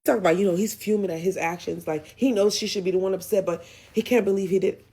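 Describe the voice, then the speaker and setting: A woman's voice: mid-range voice, steady tone, fast talker, mellow, breathy edge. A woman giving a casual, sassy and blunt recap of a reality show, chatty and opinionated. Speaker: recap vlogger.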